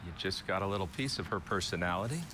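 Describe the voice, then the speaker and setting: A man hosting a live event broadcast, giving commentary in a smooth, upbeat broadcaster manner. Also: low-pitched, quick pace. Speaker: broadcast host. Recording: loud crowd and noise behind.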